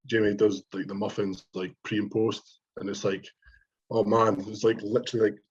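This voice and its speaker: A young Scottish man, a bodybuilder co-hosting a podcast, chats casually and swears freely. He rambles and quotes himself in lively bursts, with a husky, fairly low voice at normal speed. The recording has a dull, lo-fi sound.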